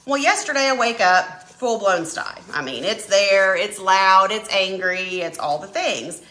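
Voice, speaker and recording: A woman chatting casually on a live stream while she paints, telling a dramatic, animated story. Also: medium pitch, a little slow, reverberant. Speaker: craft channel host.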